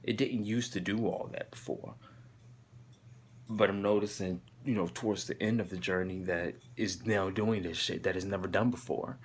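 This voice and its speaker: A man's voice: sits low, steady tone, normal speed, slight background noise. Emphatic profane young man vlogging. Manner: emphatic, profane, repeats words when upset. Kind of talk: confessional vlog to camera. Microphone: camera mic.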